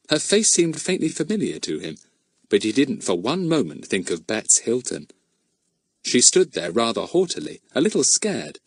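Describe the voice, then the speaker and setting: A man narrating a children's storybook in an expressive storytelling manner. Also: lowish voice, husky, no echo, clean studio sound. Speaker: audiobook narrator. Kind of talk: scripted narration.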